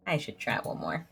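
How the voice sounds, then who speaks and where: A woman's voice: deep voice, vocal fry, fairly bright tone, slightly rough. A woman streaming a story game, reading its dialogue aloud in a chatty, giggly way, filling her talk with "like". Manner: giggly, chatty, fills speech with "like".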